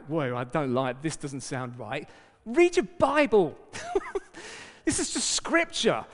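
A man preaching a sermon as pastor, lively and emphatic, with joking asides. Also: high-pitched. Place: church hall. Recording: long reverb of a hall.

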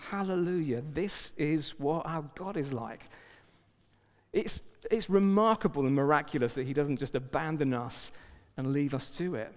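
A man preaching a sermon as pastor, lively and emphatic, with joking asides. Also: on the high side, moderate pace. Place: church hall. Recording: long reverb of a hall.

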